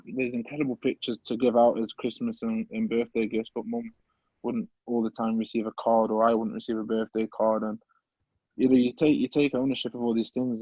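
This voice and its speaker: A man, earnestly telling his life story as a podcast guest in a halting, open and emotional way. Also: medium pitch, warm tone, no echo, muffled recording. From English Midlands. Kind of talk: personal life story in an interview.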